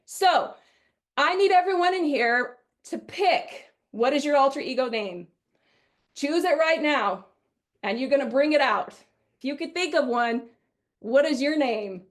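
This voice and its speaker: High voiced middle aged woman from wisconsin running a sales webinar, bubbly and chatty. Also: unhurried. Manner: energetic, chatty, often acts out quoted customers. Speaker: sales trainer. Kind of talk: webinar training talk.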